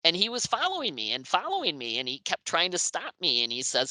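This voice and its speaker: Woman guest spinning lively stories, very animated pitch, laughs often. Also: fairly quick, no room sound. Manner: lively storyteller who laughs through her stories. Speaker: interview guest, music journalist. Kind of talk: animated anecdote telling.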